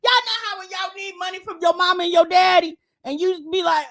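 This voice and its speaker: A woman doing loud, teasing comedic banter on a live stream and mimicking stammering. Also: very high-pitched, a little fast, hardly any pauses. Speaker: livestream commentator.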